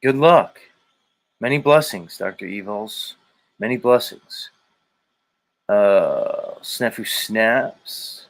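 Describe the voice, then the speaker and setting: A man's voice: on the low side, lively intonation, slow, creaky, pauses often. A man hosting a casual livestream, reading viewer comments aloud, rambling and joking with profanity and humming to himself between comments. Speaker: livestream host.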